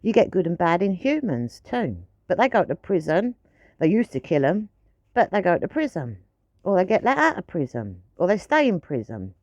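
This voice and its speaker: A woman's voice: on the low side, sing-song, normal speed, a little mellow, dry recording, muffled recording. A woman ranting to camera in a blunt, frustrated way, swearing freely. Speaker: pet owner vlogger.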